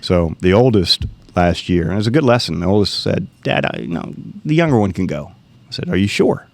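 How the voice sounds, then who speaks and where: A middle-aged man tells a story in a casual, animated way, voicing the people in it. His voice sits very low, with a rough gravelly edge. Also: fairly quick, no echo. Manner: animated storyteller, acts out quoted dialogue. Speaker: guest telling a hunting story.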